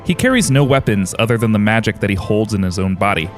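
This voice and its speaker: Male game master, low-pitched, telling the fight vividly over soft music. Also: expressive, fast. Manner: dramatic descriptive narration. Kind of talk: narrating a tabletop game.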